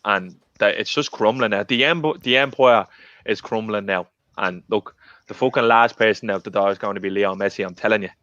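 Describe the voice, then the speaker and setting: A man's voice: on the low side, a little fast, a bit bright, no room sound. A man on a casual podcast, talking in a heated, emphatic way and swearing often. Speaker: podcast co-host. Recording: dull lo-fi mic.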